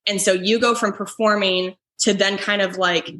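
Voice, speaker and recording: The comedian and foosball-playing guest, a young adult woman, keeps the podcast chat casual and loaded with "like" fillers. She speaks at a moderate pace in a medium-pitched, fairly even and somewhat bright voice, with slight background noise.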